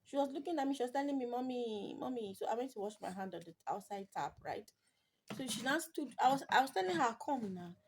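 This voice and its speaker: A woman's voice: a little high, animated, fast. A young Nigerian woman, a mother vlogging, telling an emotional, rambling story to her viewers in English mixed with Pidgin. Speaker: mommy vlogger. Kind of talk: personal storytelling to camera. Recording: noisy home video recording.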